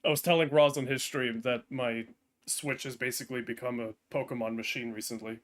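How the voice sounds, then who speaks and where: A man's voice: medium pitch, fairly even intonation, a little fast. A man chatting casually on a live stream, hesitant with frequent ums and restarts.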